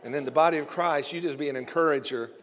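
A male pastor gives an earnest, conversational sermon in a slightly high voice. His words ring out with a long reverb in the church sanctuary. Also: fast, fairly bright tone.

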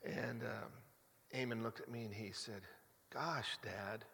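A man's voice: mid-range voice, little pitch movement, normal speed, vocal fry, fairly bright tone. A middle-aged man, a pastor, preaching a sermon in a conversational, confessional way with frequent restarts, rising to emphatic peaks. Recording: long hall reverb.

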